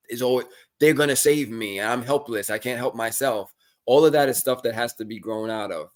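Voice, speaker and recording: A man co-hosting a podcast, talking casually and acting out quoted lines in exaggerated voices. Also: on the low side. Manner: animated storytelling, acts out quotes in exaggerated voices. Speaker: podcast co-host. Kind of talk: casual conversational talk.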